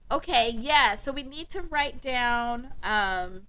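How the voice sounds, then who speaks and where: A woman's voice: fairly high pitch, lively intonation, takes it slowly, hardly any pauses, pushed and bright, smooth. A woman hosting a livestream, chatting casually with viewers, thanking them by name and laughing often. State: emotional, close to tears. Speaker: livestream host. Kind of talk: casual live chat with viewers.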